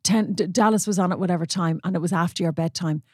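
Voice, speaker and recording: A woman's voice: fairly low pitch, quick pace, husky, no echo, clean studio sound. An Irish woman co-hosting a podcast, telling long stories in a chatty way and acting out the voices of the people in them. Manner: chatty storyteller who acts out quoted voices. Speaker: podcast co-host. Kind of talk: casual chat, storytelling.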